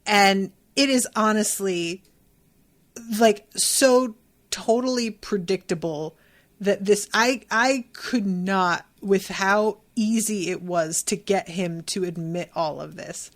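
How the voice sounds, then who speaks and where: A woman talks through an episode in a loose, chatty podcast recap. She is animated, swears playfully and acts out bits of the scenes as she goes. Her voice sits in a middle pitch. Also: takes it slowly. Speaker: podcast host.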